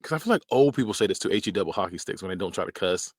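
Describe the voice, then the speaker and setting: A man's voice: deep voice, animated, rapid-fire, no room sound, studio quality. A man hosting a podcast, giving casual, joking reaction commentary and laughing often. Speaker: podcast host.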